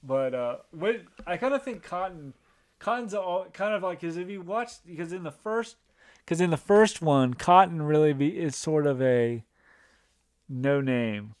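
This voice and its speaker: A man's voice: a little high, lively intonation, unhurried. Rambling man co-hosting a film podcast. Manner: rambling, many restarts and fillers. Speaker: podcast co-host. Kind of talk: casual movie review chat.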